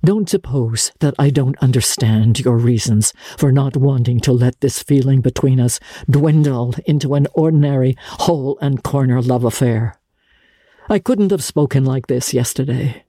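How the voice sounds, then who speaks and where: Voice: mid-range voice, warm tone, no echo, clean studio sound. An ardent, pleading young man, as a reader puts him on. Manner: urgent, pleading. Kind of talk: audiobook character reading.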